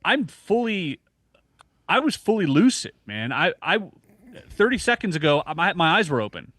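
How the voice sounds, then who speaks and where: A man in his thirties, a podcast guest, telling a personal story in a casual, animated way with many restarts, acting out his own reactions. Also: on the high side, moderate pace, no room sound.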